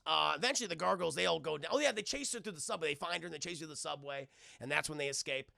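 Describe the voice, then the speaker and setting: A man's voice: a little high, racing, gravelly, pushed and bright, dry recording. A man recapping a cartoon episode to his live chat, rambling, swearing a lot and speaking animatedly. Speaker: cartoon reviewer and streamer.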